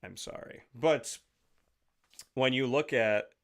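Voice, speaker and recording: A male show host gives a casual monologue into a studio mic, speaking slowly in a mid-range voice. His storytelling rambles and digresses, with plenty of jokes.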